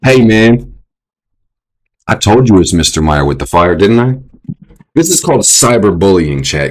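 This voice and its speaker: A young adult man hosting a casual astrology stream, profane and animated, often jumping into mocking voices. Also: lowish voice, moderate pace. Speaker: astrology show host. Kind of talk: casual astrology livestream talk.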